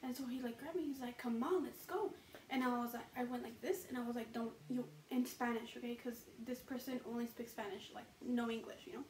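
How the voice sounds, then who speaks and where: A woman's voice: fairly high pitch, steady tone, quick pace, hardly any pauses, a little mellow, far from the mic, a little hiss or hum. Chatty young woman telling a story, echoey room. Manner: chatty, frequent "you know" and "like", swearing. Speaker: vlogger. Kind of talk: casual storytime vlog.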